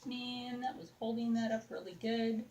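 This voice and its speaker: A woman's voice: on the high side, fairly even intonation, normal speed, warm tone, a little hiss or hum, low-quality recording. A young woman chatting casually as she works on a craft project, rambling and talking to her viewers and to a doll. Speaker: craft vlogger.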